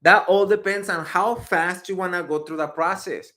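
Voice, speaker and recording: A man with a high, bright voice talks casually as an IT career coach. He answers viewer questions in an animated, slangy way. He sounds like he is in his thirties. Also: moderate pace. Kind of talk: casual livestream chat.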